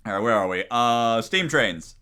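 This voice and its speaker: A male streamer chatting casually and telling a joke, animated and laughing often. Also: mid-range voice, normal speed, clean tone.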